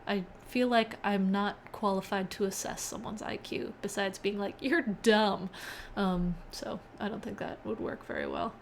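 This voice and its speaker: A woman's voice: mid-range voice, big pitch swings, normal speed, vocal fry, few pauses, slight background noise. Chatty woman streamer reading chat. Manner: chatty, reads chat aloud, laughs often. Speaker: live-stream host. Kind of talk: casual live-coding stream chat.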